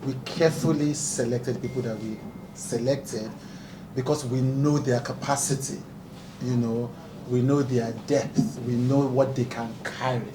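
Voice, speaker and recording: His voice is mellow and medium in pitch. As a talk show host at a press conference, he speaks earnestly and emphatically, laughter often breaking through, while a distant mic picks up room echo and background noise.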